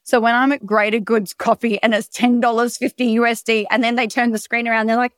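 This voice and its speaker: Energetic, foul-mouthed Australian woman podcasting. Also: a little high, fairly quick, few pauses, smooth, dry recording. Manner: energetic, swears freely, chatty storytelling. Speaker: podcast host. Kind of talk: casual solo podcast monologue. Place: bedroom.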